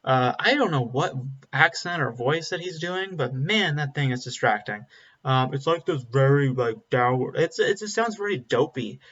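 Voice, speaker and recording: A man's voice: medium pitch, expressive, moderate pace, fairly bright tone. Blunt rambling man reviewing a film. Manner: blunt, rambling, frequent ums and restarts. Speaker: movie reviewer. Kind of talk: casual spoken film review. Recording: slightly dull lo-fi audio.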